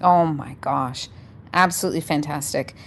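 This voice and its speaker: A woman's voice: low-pitched, normal speed, vocal fry, a little hiss or hum. A woman from Canada chatting enthusiastically and rambling a little on a casual livestream.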